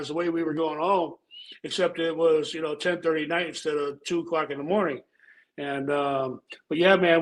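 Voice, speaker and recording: Swearing, rambling former wrestler, slightly high. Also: male voice, rough recording. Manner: profane, rambling, laid-back storytelling. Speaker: pro wrestler and show regular. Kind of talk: casual storytelling chat.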